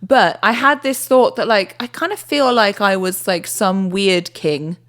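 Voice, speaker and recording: A woman's voice: medium pitch, measured pace. A British woman from England, near Bristol, co-hosting a podcast in casual chat. She talks freely and often drifts off on tangents. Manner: chatty, wanders into tangents. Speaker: podcast co-host.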